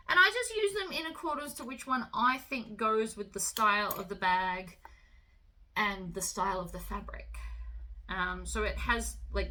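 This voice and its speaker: Bright-voiced woman teaching sewing. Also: medium pitch, poor audio. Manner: relaxed, chatty instruction with fillers. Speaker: sewing tutorial host. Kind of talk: step-by-step craft tutorial.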